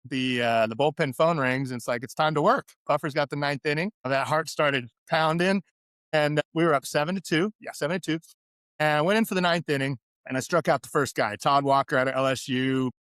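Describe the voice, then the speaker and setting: A middle-aged man from California, a podcast guest and former pro athlete, telling candid stories in an animated, chatty way. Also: fairly high pitch, brisk, clean tone, dry recording, clean studio sound. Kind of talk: interview storytelling.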